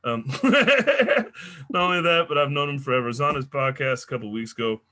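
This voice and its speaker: A man's voice: fairly high pitch, animated, fairly quick, sharp tone. A middle-aged man hosting a comedy show over a video call, crude and loose as he banters and introduces acts. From Seattle area.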